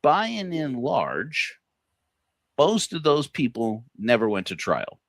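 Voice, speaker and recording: A man's voice: mid-range voice, huge pitch swings, slow, creaky, no room sound. A man hosting a casual livestream talk, rambling with many fillers and restarts, chuckling often as he tells stories. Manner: quotes people in put-on voices. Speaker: podcast host.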